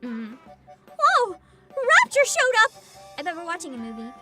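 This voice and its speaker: A woman's voice: very high voice, wildly swooping pitch, moderate pace. A young woman streaming a game, chatting and joking over the story. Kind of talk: game commentary. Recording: game music behind.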